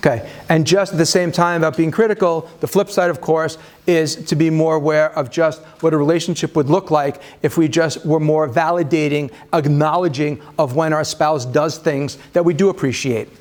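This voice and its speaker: A man's voice: on the high side, fairly even intonation, normal speed, hardly any pauses. A man leading a marriage seminar, talking conversationally to an audience with self-deprecating humor, many fillers and restarts. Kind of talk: live seminar talk to an audience.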